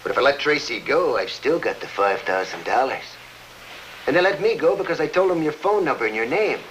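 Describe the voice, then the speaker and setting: A man's voice: medium pitch, expressive, brisk, a bit bright, lightly acted, rough recording. An actor playing a scheming, greedy gangster boss who gloats as he blackmails, in a 1940s radio drama with faint hiss. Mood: gloating. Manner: gloating, tough-guy snarl.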